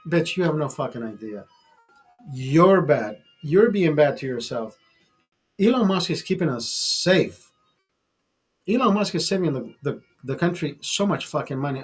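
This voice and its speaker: A man's voice: fairly high pitch, animated, unhurried, husky, faint music behind. A man hosting his own channel, delivering a heated, profane political rant full of restarts. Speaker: channel host.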